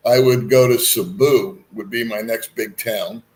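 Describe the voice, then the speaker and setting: A man's voice: on the low side, steady tone, a little slow. A man hosting a casual chat, talking in a rambling, frank way with folksy asides. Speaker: host.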